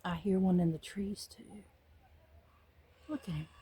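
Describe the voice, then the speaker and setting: A lowish, slightly slow voice with a breathy edge narrates a joking backyard garden tour, chickens included, shot on a handheld phone. The woman has a Southern US accent and keeps the vlog animated and chatty, going from muttering to exclaiming loudly.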